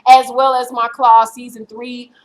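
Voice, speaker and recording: A woman vlogger in her thirties giving a blunt, profane, animated recap of a reality show episode. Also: a little high, measured pace, low-quality recording.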